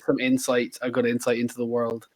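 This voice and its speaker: A man's voice: mid-range voice, monotone, fairly quick, a little hiss or hum. Chatty, enthusiastic male podcast co-host. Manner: chatty, enthusiastic, many "like" fillers. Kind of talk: casual podcast chat.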